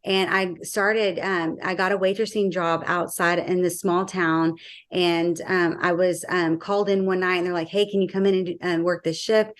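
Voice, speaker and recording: A woman's voice: on the low side, normal speed. Woman telling her faith testimony. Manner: animated retelling, acting out quoted dialogue, frequent fillers. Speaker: guest sharing her testimony. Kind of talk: personal faith testimony, conversational storytelling.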